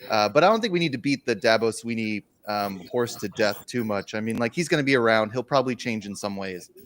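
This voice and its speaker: A man's voice: lowish voice, animated, brisk. A man on a sports betting podcast panel, giving his picks in a wry, casually dismissive way. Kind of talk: casual sports analysis chat.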